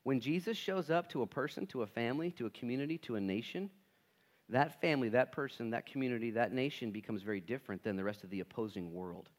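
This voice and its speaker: A male pastor preaching a sermon in a church, casual and animated, acting out quoted dialogue with slang like "dude" and "man.". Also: mid-range voice, fast. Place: church sanctuary.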